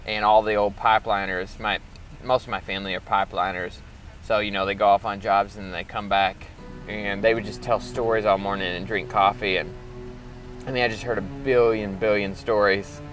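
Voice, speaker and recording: A man's voice: on the low side, flat delivery, moderate pace, fairly bright tone, soft background music. A young man from Arkansas talking about his art in a loose, rambling documentary interview, full of filler words. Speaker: performance artist.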